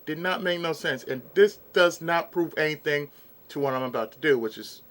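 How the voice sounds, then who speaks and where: Here the vlogger delivers casual, fed-up ranting commentary, eating now and then as he speaks. He sounds a little high and a bit bright, at a normal pace.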